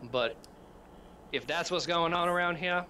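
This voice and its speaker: A man voicing a gruff, cigar-smoking female warrior who speaks in a folksy, uneasy way. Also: a little high, unhurried, sharp tone, slight background noise, pitched above the performer's own voice.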